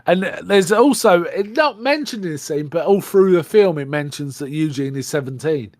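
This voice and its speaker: A man's voice: fairly high pitch, moderate pace, few pauses, no room sound, clean studio sound. Man casually retelling a film scene. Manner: animated retelling, acting out quoted lines. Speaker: podcast co-host.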